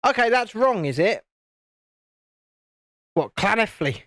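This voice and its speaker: A man's voice: high-pitched, big pitch swings, slow, fairly bright tone, no echo, clean studio sound. A man from the United Kingdom hosting a casual live stream, joking and reading out viewer comments while building. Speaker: YouTube channel host.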